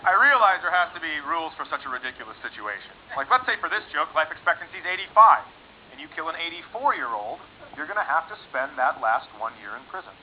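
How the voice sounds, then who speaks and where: A man doing a stand-up comedy set on a club stage, deadpan and sarcastic, switching into put-on voices for the people in his jokes. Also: on the high side, fast talker, slight background noise. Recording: lo-fi recording with loud audience laughter. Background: audience laughing.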